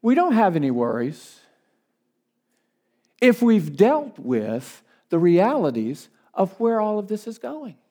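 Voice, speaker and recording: A man delivering a sermon as pastor, his voice sitting a little on the high side. He lands his main points with emphasis and repeats them for weight. Between those points he slips into chatty, conversational asides with quick restarts. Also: huge pitch swings, dark tone.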